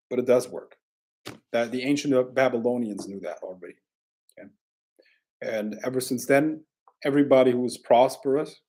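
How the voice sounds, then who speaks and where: A man rambling casually through viewer questions. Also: mid-range voice. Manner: relaxed, rambling, with frequent restarts. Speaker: host answering viewer questions. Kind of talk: casual livestream Q&A.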